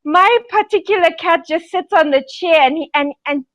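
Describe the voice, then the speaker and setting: Very high-voiced giggly woman telling a story. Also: normal speed, dry recording, low-quality recording. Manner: animated, giggly, rambling with many fillers. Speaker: podcast co-host. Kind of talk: casual podcast storytelling.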